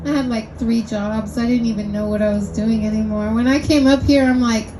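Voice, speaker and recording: A woman's voice: on the high side, fairly even intonation, fairly quick, noisy background. A woman emceeing a restaurant comedy night, with loose, teasing banter at the crowd.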